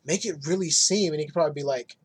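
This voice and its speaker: Husky man, blunt podcast host. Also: on the high side, quick pace. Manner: crude, joking, blunt. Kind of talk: casual chat.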